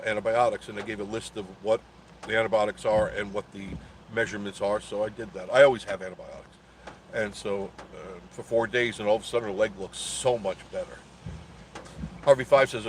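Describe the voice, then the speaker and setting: An older man, hosting a live stream and chatting casually as he reads out viewer comments, rambling and laughing often. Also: fairly low pitch. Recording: faint background noise.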